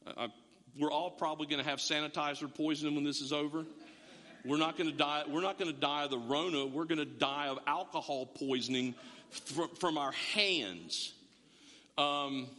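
A middle-aged man preaching a sermon in an animated, joking way, often restarting his words. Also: fairly high pitch. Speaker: pastor. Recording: long hall reverb.

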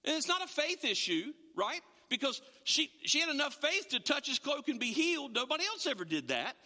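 A man preaching a sermon as a pastor, in an animated, conversational way with frequent restarts. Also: very high-pitched, brisk, big-room sound.

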